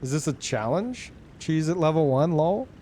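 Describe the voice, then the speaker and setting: A man's voice: fairly high pitch, animated, normal speed, mellow. Laid-back cursing male streamer. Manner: laid-back, profane and rambling. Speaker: game streamer. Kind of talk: casual chat with stream viewers while gaming.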